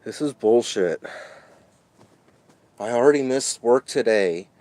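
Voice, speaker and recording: A shaken man tells a tense story in a rambling vlog. He stammers, restarts, and swears often as he vents. His voice sits at an ordinary male pitch. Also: animated, slow, darkish tone, dry recording. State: upset and shaken. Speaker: vlogger.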